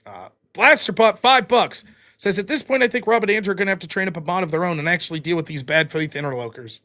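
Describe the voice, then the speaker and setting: A man's voice: high-pitched, fast, sharp tone. A man hosting a livestream, reading out donor names and amounts and answering them with dry quips. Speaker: streamer host reading donations. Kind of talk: casual livestream chat.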